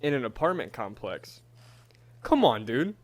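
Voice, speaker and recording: A man's voice: mid-range voice, sing-song, unhurried, no room sound. Young man cracking crude jokes. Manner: joking quips and wisecracks. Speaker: podcast co-host. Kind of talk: casual crude banter.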